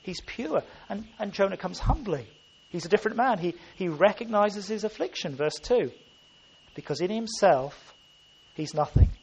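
A man's voice: high voice, lively intonation, normal speed, darkish tone, slightly rough. A man preaching a sermon, earnest and emphatic, often restarting his phrases.

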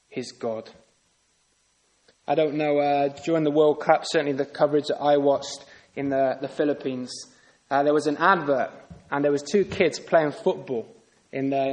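A man preaching a sermon earnestly, often putting rhetorical questions to his listeners. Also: fairly high pitch.

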